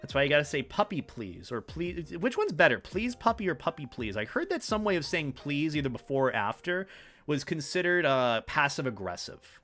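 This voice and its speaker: A man on a live stream rambles playfully to his chat, his pitch bouncing up and down all the time. Soft music plays faintly behind him. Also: very animated, moderate pace. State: hiccups.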